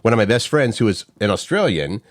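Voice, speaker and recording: A man's voice: lowish voice, big pitch swings, brisk, no echo, studio quality. A middle-aged man co-hosting a morning show, telling stories in a rambling way with many restarts. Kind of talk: casual morning-show chat.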